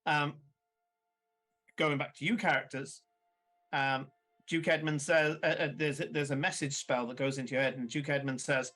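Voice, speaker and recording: A man's voice: fairly high pitch, little pitch movement, normal speed, pauses often, pushed and bright, soft background music. A man running a tabletop game as game master, narrating casually with many fillers and chuckles.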